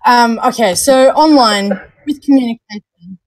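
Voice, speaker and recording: A young New woman chats away on a livestream, tripping over her words and cheerfully laughing at herself. Her voice sits fairly high. The sound is dry and close, with almost no room. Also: normal speed, no echo. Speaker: podcast co-host. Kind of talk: casual livestream chat.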